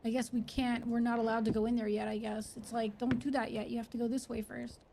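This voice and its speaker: A woman streamer giving excitable live game commentary, swearing and laughing often. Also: on the high side, quick pace, gravelly, noisy background.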